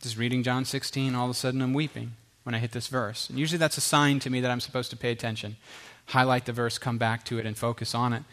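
A middle-aged male pastor preaching with emphatic repetition, sometimes dropping to a quiet hush. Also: medium pitch, steady tone, fast talker, hardly any pauses. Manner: earnest, emphatic, repeats phrases, drops to a quiet hush. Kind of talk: sermon.

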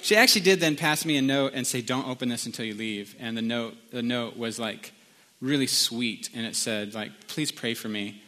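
A man's voice: mid-range voice, moderate pace, sharp tone. A middle-aged man preaching as a pastor, telling a story in a chatty, self-deprecating way with lots of fillers. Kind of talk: casual sermon with anecdotes.

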